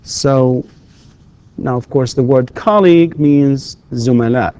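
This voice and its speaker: A man's voice: mid-range voice, unhurried, mellow. Patient male English lecturer. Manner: patient, repeats and prompts students with questions. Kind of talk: recorded classroom lecture.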